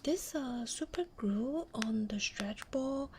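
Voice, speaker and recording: A woman streamer chatting in a soft, breathy whisper, playful and giggly, on a close binaural mic. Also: a little high, animated, takes it slowly. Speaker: ASMR streamer. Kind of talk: whispered casual chat on a live stream. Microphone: binaural and condenser studio mics. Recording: noisy stream audio with clicks.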